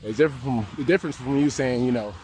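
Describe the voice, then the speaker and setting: A young American man vlogging outdoors, talking in a slangy, laid-back, animated way as he walks city streets. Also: mid-range voice, quick pace, slight background noise. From United States. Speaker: travel vlogger. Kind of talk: casual walk-and-talk vlog.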